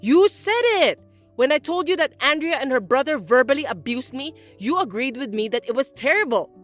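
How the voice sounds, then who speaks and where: A woman's voice: high voice, animated, brisk, fairly bright tone, faint music behind. A woman voicing an older mother-in-law who is domineering and accusing, in a dramatized story reading. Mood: self-pitying. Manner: indignant, accusing, whiny.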